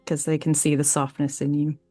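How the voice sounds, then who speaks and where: A woman playing a tabletop role-playing game, softly and hesitantly narrating what her character does, with many fillers. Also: deep voice, monotone, brisk, faint music behind. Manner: soft, hesitant, full of fillers. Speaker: player in a tabletop role-play.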